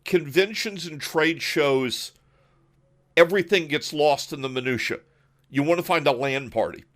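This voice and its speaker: A man hosting an online podcast, telling stories in a casual, animated way with frequent laughs and quick asides over a voice call. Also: on the high side. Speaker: podcast host. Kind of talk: casual storytelling chat.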